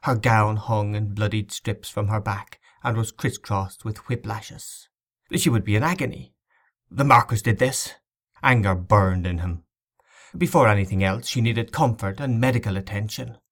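A man narrating an audiobook novel in a measured, dramatic reading. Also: fairly low pitch.

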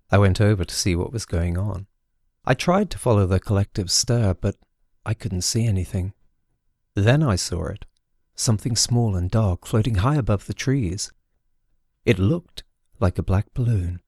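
A man reading a first-person story aloud in a wry, measured way. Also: lowish voice, warm tone, no echo, studio quality. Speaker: narrator. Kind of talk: scripted audiobook narration.

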